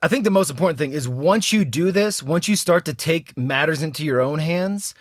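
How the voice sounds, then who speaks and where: A man's voice: on the high side, lively intonation, normal speed, no room sound, studio quality. Young man telling a laughing travel story. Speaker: podcast co-host. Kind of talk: casual podcast storytelling.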